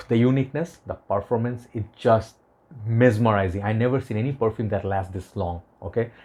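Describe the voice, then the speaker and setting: A young man with a Bangladeshi English accent talks in a slightly low voice, casual and earnest. He rambles through a perfume review, stopping often to check in with the viewer. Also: normal speed, a little mellow. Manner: rambling, earnest, lots of "okay?" and asides. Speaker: fragrance reviewer.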